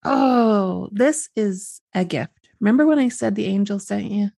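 A woman hosting a casual chat, speaking in an effusive, unhurried way. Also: mid-range voice, creaky, mellow, dry recording, studio quality. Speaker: host.

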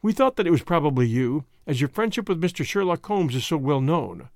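A bold, guarded gentleman who speaks quickly and eagerly, in a lively voice that rides fairly high, played by a male audiobook narrator. The sound is close and dry. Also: dry recording. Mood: polite. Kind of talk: audiobook character voice.

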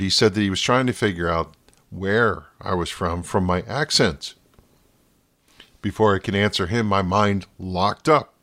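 A man with a New Jersey accent hosts a podcast from a script, his voice sitting a little low. He talks in a playful way and sometimes slips into a radio-announcer voice. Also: fairly bright tone. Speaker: podcast host.

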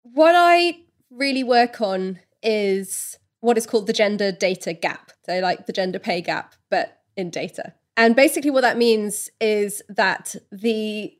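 A woman's voice: medium pitch, unhurried. A woman writer as an interview guest, explaining in a thoughtful, explanatory way and sometimes correcting herself mid-sentence. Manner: thoughtful, explanatory, with occasional self-correcting restarts. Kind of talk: podcast interview.

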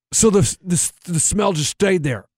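A man's voice: high-pitched, takes it slowly, dry recording, studio quality. A man co-hosting a talk show, telling a story in casual banter and acting out what others said. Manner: animated storyteller, acts out other people's lines. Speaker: radio show co-host.

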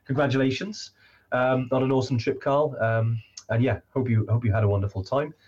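A man's voice: mid-range voice, fairly even intonation, brisk, darkish tone, breathy edge, dull audio. A man hosting a casual live stream, chatting with many fillers and restarts.

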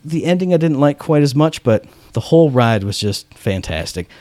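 A man with a medium-pitched, darkish voice speaks expressively at normal speed with no echo. As a podcast host in casual chat, he's enthusiastic, says "like" constantly, and acts out the dialogue in his stories.

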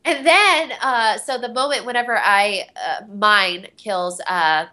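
Young woman voice actress rambling on a panel, lots of um and like, bright tone. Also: medium pitch, takes it slowly. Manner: rambling, giggly storytelling with many fillers. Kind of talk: casual convention panel talk.

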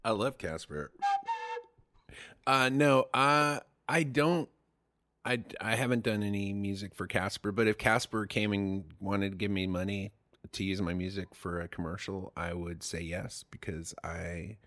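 A man's voice: lowish voice, steady tone, measured pace, bright, forceful tone. A man on a podcast talking candidly about his music, self-deprecating and joking, with frequent swearing. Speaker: musician guest. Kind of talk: casual podcast chat.

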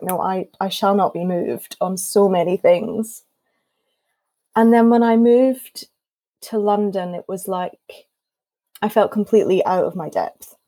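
In a rough recording, a Scottish woman with a medium-pitched voice shares her story as a guest musician on a casual panel. She tells it with lively energy, acting out each quote.

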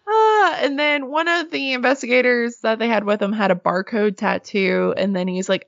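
A woman with a fairly high voice retells a show with dry sarcasm, laughing and cursing along the way. The sound is a little muffled and very dry, with no room to it. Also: a little slow, creaky, fairly bright tone, dry recording. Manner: sarcastic, swears, laughs often. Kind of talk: casual storytelling chat.

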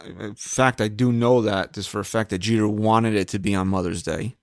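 Smooth-voiced man hosting a podcast. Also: fairly low pitch, fairly even intonation, fairly quick, no room sound, clean studio sound. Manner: runs the segments, reads the schedule. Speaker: podcast host. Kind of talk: casual sports podcast chat.

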